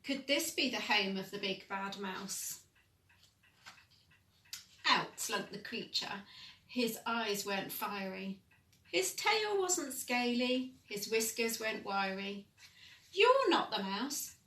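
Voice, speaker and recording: Lady reading a kids' story slow and soft, bright voice, echoey room, a bit far off. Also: medium pitch, lively intonation. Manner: gentle, slow and soothing reading. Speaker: pastoral worker. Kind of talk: reading a children's picture book aloud. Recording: echoey room, mic at a distance.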